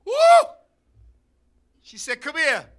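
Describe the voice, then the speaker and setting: Guy with a really high sharp voice, animated storytelling, yells out bits. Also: slow pace. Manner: animated, loud bursts, laughing asides. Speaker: podcast host. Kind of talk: comedic storytelling. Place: studio.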